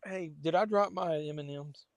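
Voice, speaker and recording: A man's voice: a little high, normal speed, dry recording. A man hosting a casual live watch-along stream, rambling to chat viewers between asides. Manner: rambling, talks to viewers and his pet.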